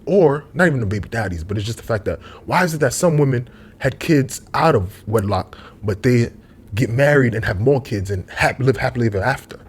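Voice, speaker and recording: A man with a Brooklyn accent giving a rambling, slangy opinion monologue, swinging between loud bursts and muttered asides. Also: medium pitch, animated, brisk, husky. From Brooklyn, New York. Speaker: vlogger.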